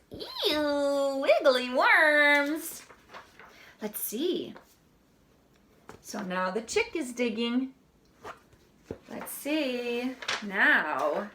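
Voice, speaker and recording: A woman reads a picture book aloud to young children, very slowly and in a sing-song way. Her voice is fairly high and swoops widely as she asks playful questions. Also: wildly swooping pitch, a bit bright, slight background noise.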